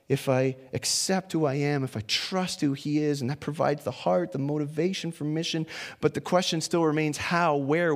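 A man with a fairly high voice preaching a sermon. He talks in a conversational way, swinging between quiet reflective lines and loud animated ones, with playful asides along the way. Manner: playful asides with small laughs and restarts. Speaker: pastor.

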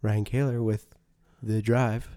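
Low-voiced man hosting a podcast. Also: little pitch movement, slow pace, warm tone. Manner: playful, reads show credits. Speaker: podcast host. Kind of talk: casual podcast chat.

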